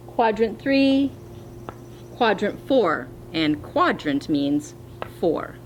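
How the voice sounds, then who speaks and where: A woman teaching a phonics lesson to young children, speaking slowly and clearly with encouragement. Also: a little high, a little hiss or hum. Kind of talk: distance-learning phonics lesson.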